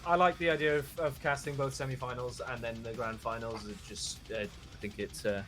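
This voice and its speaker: Sex: man. Role: esports caster. Style: casual live commentary. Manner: relaxed, chatty, many restarts. Pitch: mid. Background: faint music. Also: a little fast.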